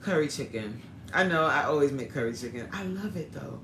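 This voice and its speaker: Woman coach hosting a chatty livestream, lively high swoops for emphasis, echoey room sound. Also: a little fast, vocal fry, a little hiss or hum. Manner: animated, chatty, slangy, swings up high for emphasis. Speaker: fitness coach and channel host. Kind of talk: casual livestream chat with viewers.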